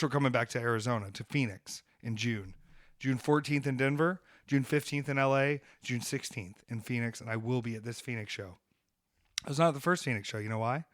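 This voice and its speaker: A man hosting a podcast, ranting and joking in brash, comic trash talk, switching between loud outbursts and muttered asides. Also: mid-range voice, no echo, studio quality. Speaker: podcast host and wrestler. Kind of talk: casual podcast chat.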